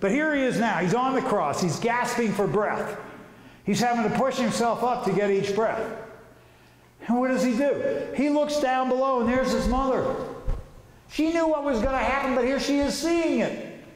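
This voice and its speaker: A man's voice: extremely high pitch, moderate pace. Man, presenter, vivid casual storytelling, long hall reverb. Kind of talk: informal religious talk to an audience.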